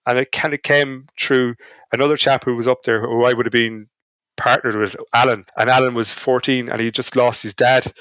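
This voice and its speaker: A man's voice: mid-range voice, level tone, normal speed, a bit bright, clear, resonant tone, no echo. A man with an Irish accent, a podcast guest telling anecdotes in a casual, self-deprecating way. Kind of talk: casual storytelling chat.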